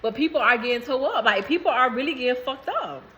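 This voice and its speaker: A woman's voice: high-pitched, expressive, fast talker, pushed and bright, poor audio. A woman vlogging to camera in a casual, rambling way, repeating herself and laughing between phrases. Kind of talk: casual spiritual talk to camera.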